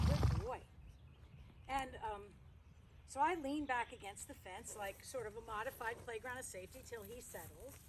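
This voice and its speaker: Chatty horsewoman with a high voice, recorded outdoors with clear ambient noise around her. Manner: chatty, breaks off to praise the horse. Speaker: horse trainer. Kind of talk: storytelling while working a horse.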